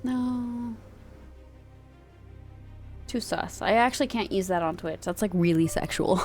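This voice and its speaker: A woman's voice: medium pitch, a little slow, a little mellow. Chatty woman streamer, faint music. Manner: chatty, rambling, laughs easily. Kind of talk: casual chat.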